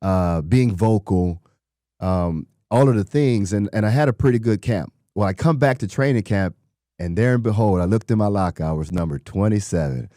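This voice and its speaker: Deep mellow guy telling old football stories, super dry close mic. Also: normal speed, dry recording. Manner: animated storyteller, acts out quotes. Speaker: former pro football player, guest. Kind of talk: conversational interview storytelling.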